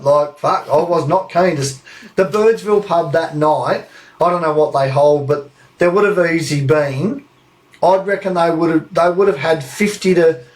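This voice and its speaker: A young Australian man telling a story on a live podcast, animated and swearing freely. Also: on the high side, low-quality recording. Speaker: podcast co-host.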